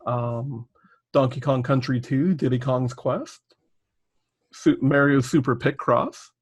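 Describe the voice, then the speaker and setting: A man chatting casually as co-host of a gaming podcast. He rambles through news items, stopping often for ums and uhs. His voice sits at an ordinary middle pitch. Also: fairly even intonation, slow pace, slightly rough. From Canada. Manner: rambling, filler-heavy news reading. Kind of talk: casual chat.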